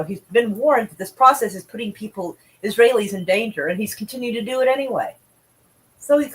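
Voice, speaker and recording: A woman's voice: fairly high pitch, fairly bright tone, rough recording. A woman streaming casual news commentary, blunt and profane, chatting with viewers between headlines.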